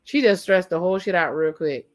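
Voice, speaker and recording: A woman's voice: lowish voice, brisk, soft background music. A woman hosting a casual watch-along, chatting in slang and retelling a reality show's dialogue with blunt asides to her viewers. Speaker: watch-along reaction host. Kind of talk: casual reaction commentary.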